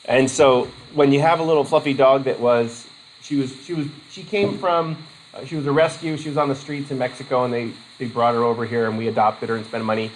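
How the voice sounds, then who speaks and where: A man's voice: medium pitch, fairly even intonation, fairly quick, slight background noise, rough recording. A man from Vermont giving a casual college lecture, rambling with jokey asides.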